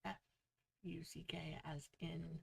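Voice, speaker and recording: A woman voicing an exasperated male grocery worker, sarcastic and patient, with a gravelly, husky tone. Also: sits low, level tone, takes it slowly, exaggerated voice.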